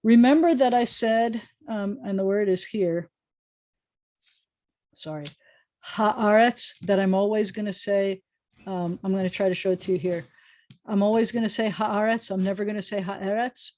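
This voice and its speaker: A woman's voice: medium pitch, fairly even intonation, moderate pace, pauses often, a little mellow. A woman rabbi teaching a prayer book Hebrew lesson over a video call, explaining patiently with frequent ums. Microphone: video call microphone.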